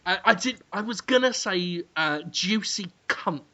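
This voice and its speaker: A man's voice: high-pitched, lively intonation, measured pace, bright, forceful tone, lo-fi sound. A man hosting a comedy podcast, riffing with giggles and stammered restarts. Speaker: podcast host.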